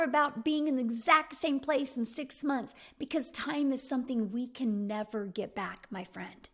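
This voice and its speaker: A middle-aged woman delivers a motivational talk as a business mentor, her voice pitched a bit high. She is emphatic and repetitive and speaks directly to the listener as a friend. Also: normal speed, few pauses.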